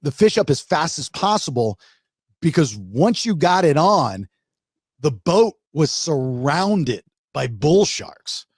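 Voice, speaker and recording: Animated middle-aged man telling a story. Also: fairly high pitch, slow pace, husky, dry recording. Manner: animated, restarts a lot, acts out shark growls. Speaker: podcast host. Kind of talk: casual storytelling chat.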